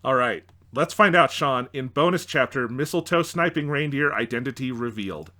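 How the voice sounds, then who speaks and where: Lively, bright-voiced man riffing. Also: mid-range voice, normal speed. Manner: animated, amused commentary. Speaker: podcast co-host reading fan fiction aloud. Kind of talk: comedic dramatic reading with commentary.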